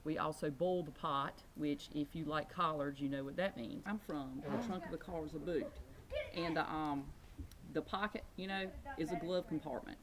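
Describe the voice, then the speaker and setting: A young woman with an Eastern Shore Virginia accent, telling animated stories in a casual interview. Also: low voice, normal speed, heavy background noise. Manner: animated, mimics voices in anecdotes. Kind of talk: casual storytelling.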